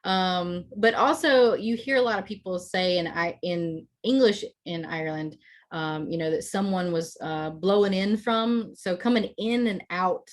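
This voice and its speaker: A woman's voice: fairly low pitch, measured pace. A woman giving an online presentation, explaining language points patiently with frequent hesitant fillers over a video call.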